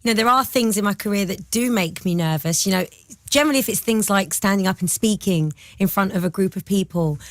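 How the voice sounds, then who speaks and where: A woman guesting on a casual radio interview, chatty and laughing often, her voice tired and lower than usual. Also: fairly quick, no echo. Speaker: guest, TV talent show judge.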